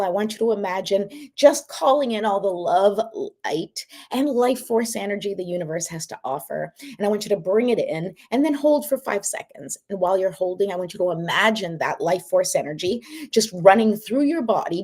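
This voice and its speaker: A woman with a middle-pitched voice hosts a relaxed livestream. She chats easily, checks in with her viewers and coaches them through slow breathing in an encouraging way. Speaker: host. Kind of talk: casual livestream talk and guided breathing.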